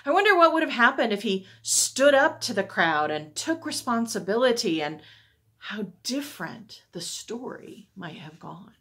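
A woman on a church staff reading a Bible story aloud to children, expressive and asking wondering questions. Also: on the high side, moderate pace, breathy edge.

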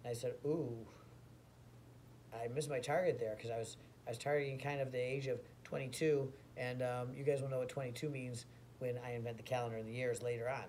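Guy rambling thru a deadpan made-up story, bragging, normal pitch. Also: quick pace, slight background noise. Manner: rambling, mock-boastful. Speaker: comedy storyteller. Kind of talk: deadpan absurd tall tale.

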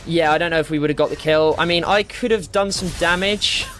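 A man's voice: on the high side, a little fast, soft background music. A young man giving live gameplay commentary, ranting and swearing as he plays. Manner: ranting, swears a lot, excitable. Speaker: gamer.

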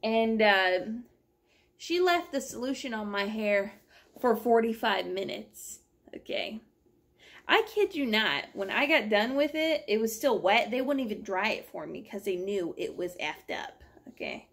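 A young adult woman vlogger at home, telling a long story in an animated, rambling, exasperated way. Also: medium pitch, unhurried. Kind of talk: casual storytelling vlog.

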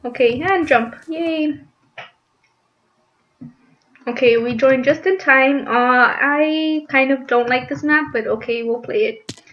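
Young female gaming host, high and unhurried, giggly commentary, lo-fi desk mic. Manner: chatty, giggly, squeals when startled. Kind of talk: casual gameplay commentary. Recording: dull lo-fi mic with faint noise.

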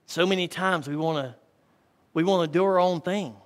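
Speaking at a moderate pace with a high-pitched voice, a man preaches in a church hall, where the reverb rings long. He is a pastor with a folksy storytelling manner who calls out to his congregation.

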